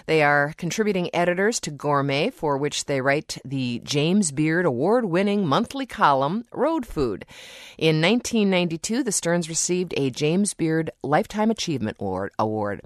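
A woman hosting a call-in radio talk show, chatty and quick to laugh while she interviews a guest. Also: low voice, expressive, no echo, studio quality. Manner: friendly, laughs easily, chatty with fillers. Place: radio studio.

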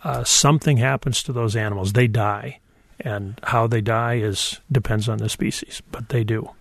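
A man explains wildlife matters to radio callers in a thoughtful, halting way. His voice has a gravelly, rough edge, and the sound is dry and close. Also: on the low side, fairly even intonation, dry recording. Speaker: wildlife expert guest. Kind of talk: radio call-in answers.

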